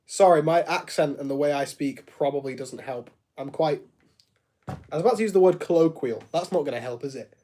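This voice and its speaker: A man's voice: on the high side, a little fast, dark tone. A man chatting casually on a live stream, answering viewers, joking and laughing often and filling his sentences with "like". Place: home studio room.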